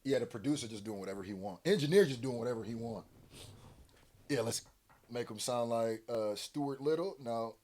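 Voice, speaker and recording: A man hosts a music reaction video, talking casually and bluntly with slangy remarks, animated and laughing often, in a mid-range voice at normal speed.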